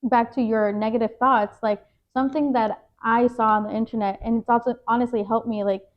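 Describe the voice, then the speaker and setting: A woman's voice: fairly high pitch, steady tone, fairly quick, muffled recording. A young woman, a podcast guest, chatting in a rambling way with many filler words. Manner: rambling, warm, lots of "like" fillers. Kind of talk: casual chat.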